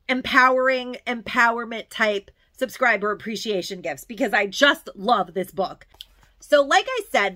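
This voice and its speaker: A woman's voice: fairly high pitch, bright, forceful tone. A middle-aged woman hosting a shopping haul video, chatting in a gushing, effusive way. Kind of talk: casual shopping haul chat.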